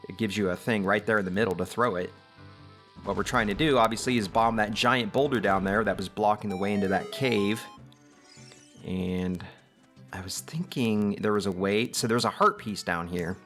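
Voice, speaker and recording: A man's voice: on the low side, normal speed, a bit bright, soft background music. A man giving casual, upbeat gameplay commentary as host of a let's play, chatty and self-deprecating.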